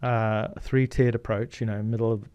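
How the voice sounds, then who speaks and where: A man's voice: on the low side, level tone, moderate pace, a little mellow, clean tone, no room sound. A middle-aged man from Zimbabwe, a guest in an interview who tells stories earnestly with many fillers. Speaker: guest, media founder. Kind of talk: casual interview storytelling.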